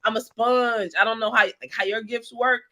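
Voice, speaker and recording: A woman with a bright, sharp voice talks eagerly in casual spiritual chat. She keeps breaking off her phrases and starting them again. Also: a little high, steady tone. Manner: eager, halting, trails off.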